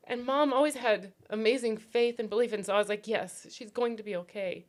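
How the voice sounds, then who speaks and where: A woman giving emotional personal testimony as a podcast guest, grief-stricken and near tears, speaking in halting, broken phrases that sometimes drop to a whisper. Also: mid-range voice, fairly even intonation. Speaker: podcast guest, bereaved mother.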